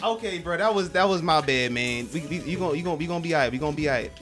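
A young man streaming a fighting game, talking to chat in an excitable, self-deprecating way. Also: fairly high pitch, quick pace, faint music behind. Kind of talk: casual gaming commentary.

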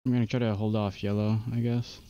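Young male streamer, low voice, dull lo-fi mic, casual gaming banter. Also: little pitch movement, fast talker, dark tone, a little hiss or hum. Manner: laughs often, easily rattled.

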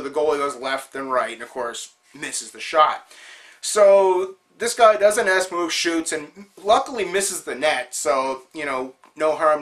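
High-voiced man telling a gaming story. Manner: animated, acts out quotes of friends. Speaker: host of a video show. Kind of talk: casual storytelling to camera.

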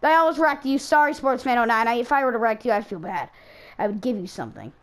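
A woman's voice: a little high, lively intonation, fast. A woman giving casual, self-mocking running commentary while she plays a racing game, exclaiming whenever cars crash. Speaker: gaming YouTuber racing in an online league.

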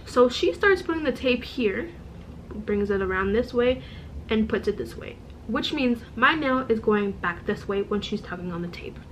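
Animated young-sounding woman vlogger. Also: a little high, moderate pace, a little hiss or hum, poor audio. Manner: animated, exasperated storytelling; demonstrates with objects while talking. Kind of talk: casual storytime monologue.

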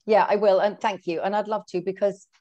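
A middle-aged woman, an author, telling personal stories in a chatty, animated way with lots of fillers and restarts. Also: medium pitch, brisk, dull audio. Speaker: guest author. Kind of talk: conversational storytelling.

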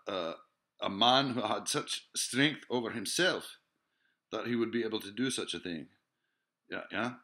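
Rambling, swearing man, forceful voice. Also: lowish voice. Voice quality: profane, rambling, lots of filler sounds. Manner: digressive, musing, asks rhetorical questions. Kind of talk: rambling monologue to camera.

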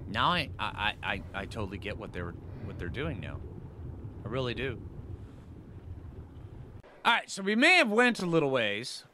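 Excitable man narrating his gameplay. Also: medium pitch, normal speed, long pauses, a little hiss or hum. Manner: excitable, talks to the creatures, self-mocking asides. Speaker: gaming video host. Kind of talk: casual gameplay commentary.

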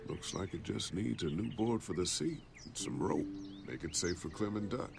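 A gravelly, steady survivor. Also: male voice, low voice, noisy background. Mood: calm. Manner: measured, thoughtful. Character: calm, steady male survivor. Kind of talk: video game voice acting.

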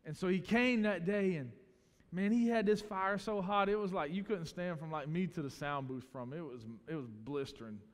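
A man's voice: high-pitched, moderate pace. A man, a pastor preaching a sermon in a casual storytelling way. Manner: storytelling, conversational, quotes others in acted voices. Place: church sanctuary. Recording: church hall with long reverb.

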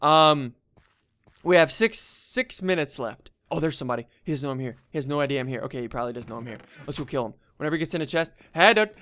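A young man doing casual gameplay commentary as a gaming YouTuber, muttering to himself and then bursting into excited yells. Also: fairly high pitch, fast, no room sound. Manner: excitable, swings from muttering to yelling.

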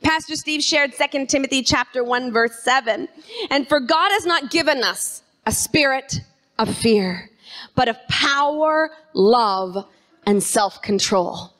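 A woman preaching an energetic sermon, calling on the congregation to repeat phrases after her. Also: high-pitched, a little slow. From Canada. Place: church sanctuary.

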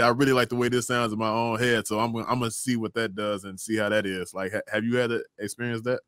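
Rambling podcast host, dry sound. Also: male voice, fairly low pitch, flat delivery, fast, hardly any pauses, fairly bright tone, smooth, dry recording. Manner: rambling, hesitant questions full of fillers. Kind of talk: casual interview.

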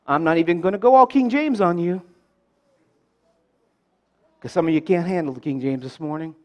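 A man's voice: a little high, normal speed. A man preaching a sermon in church, leading the congregation in call-and-response and breaking in with joking asides.

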